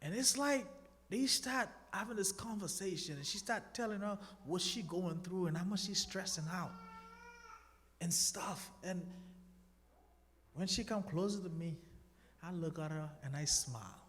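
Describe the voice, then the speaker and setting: A man's voice: high voice, measured pace. A man from the Bahamas, telling his testimony to a church congregation and urging them to pray. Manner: animated, preachy exhortation to the congregation. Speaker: guest speaker giving a testimony. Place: church sanctuary. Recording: long church-hall reverb.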